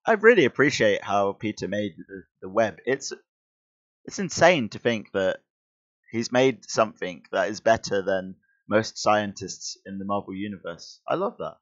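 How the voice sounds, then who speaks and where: A man's voice: fairly low pitch, expressive, moderate pace, highs cut off. A man reading a comic aloud with chatty, self-correcting asides. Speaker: comic reader. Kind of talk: casual comic-book reading with commentary.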